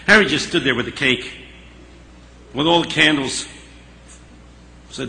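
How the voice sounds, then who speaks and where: A man telling a story in a sermon, animated and dramatic, dropping into a hush at the tense moments. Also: medium pitch, a little slow, creaky, long pauses, rough recording. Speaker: speaker.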